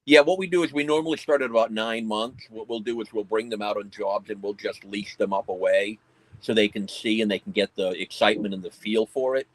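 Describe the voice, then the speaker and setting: A man's voice: fairly low pitch, fairly quick, low-quality recording. A man who owns a pest control company, explaining his dog-handling work in a plain, matter-of-fact way during an interview. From United States. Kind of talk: casual conversational interview.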